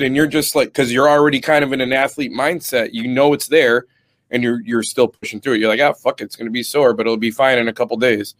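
A man's voice: mid-range voice, fast talker, no room sound. A young adult man from Connecticut, an Army veteran and guest, telling his stories in casual, profane podcast chat. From New Britain, Connecticut. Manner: profane, animated storyteller.

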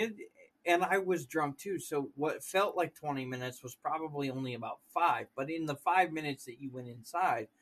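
A man co-hosting a podcast, telling a story in an animated way and swearing freely. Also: mid-range voice. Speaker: podcast co-host. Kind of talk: casual chat, storytelling.

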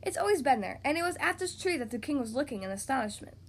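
A woman hosting a children's podcast, reading a storybook aloud in an expressive, animated way. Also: high voice, fast. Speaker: podcast host and story reader.

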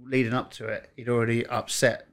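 A man telling animated stories in casual podcast chat, laughing as he goes and acting out what people said. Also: medium pitch, a little fast, creaky. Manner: animated anecdotes, laughs while telling, acts out quotes. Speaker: podcast co-host, former football interviewer.

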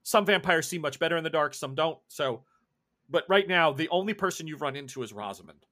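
A man's voice: on the high side, a little fast. A man narrating a tabletop role-playing game as game master. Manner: animated, lively narration.

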